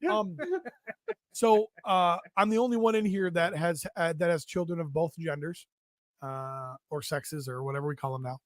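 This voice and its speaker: A man's voice: on the high side, fairly even intonation, moderate pace, dry recording, studio quality. A middle-aged man co-hosting a comedy podcast, rambling through crude stories about raising kids with profane asides. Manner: profane, rambling storytelling with mocking impressions. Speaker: podcast co-host.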